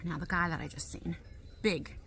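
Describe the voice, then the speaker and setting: A woman's voice: lowish voice, steady tone, normal speed, gravelly, pushed and bright, soft background music. Chatty rambling woman vlogging on her phone. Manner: rambling, chatty, jumps between topics. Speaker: YouTuber. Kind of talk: casual vlog chat while shopping.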